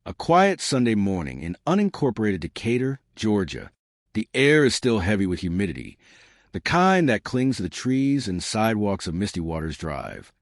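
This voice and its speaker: Low-voiced man narrating true crime suspensefully. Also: sing-song, normal speed, no echo, clean studio sound. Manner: dramatic, suspenseful storytelling. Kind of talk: scripted documentary narration.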